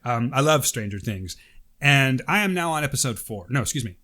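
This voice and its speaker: An animated man co-hosting a chatty podcast, reading out listener mail with playful asides in a mid-range voice. His tone stays loose and conversational. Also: medium pitch, a little fast. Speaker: podcast co-host. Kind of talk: casual chat.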